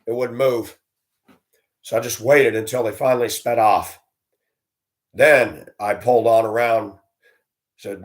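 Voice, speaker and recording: A man telling stories about his years as a school bus driver, blunt and animated, acting out the voices he quotes. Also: mid-range voice, a little slow, pauses often. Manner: blunt, plain-spoken. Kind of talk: storytelling monologue.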